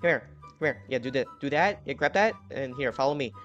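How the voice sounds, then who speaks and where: A man giving live gameplay commentary, excitably yelling at his teammates and swinging from muttering to shouting. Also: mid-range voice, brisk, lo-fi sound, soft background music. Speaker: gaming channel host.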